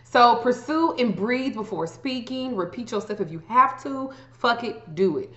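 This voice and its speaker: Cussing woman vlogger, sharp bright voice, roomy echo, kinda dull lo-fi sound. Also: fairly high pitch, animated, a little slow. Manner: blunt and heavily profane. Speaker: astrology vlogger. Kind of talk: casual advice rant. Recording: echoey room, dull lo-fi sound.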